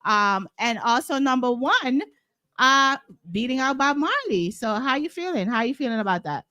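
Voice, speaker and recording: A woman's voice: high voice, lively intonation, normal speed, bright, forceful tone, no room sound, lo-fi sound. A woman hosting a casual interview, chatty and teasing.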